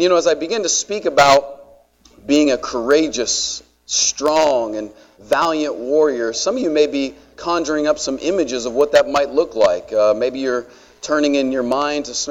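Male pastor preaching, lo-fi sound. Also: fairly high pitch. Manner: conversational, joking asides. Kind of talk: sermon.

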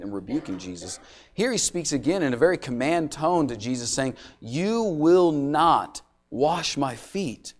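A man preaching a sermon, swinging between loud, intense passages and quiet, hushed lines. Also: fairly high pitch. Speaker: pastor.

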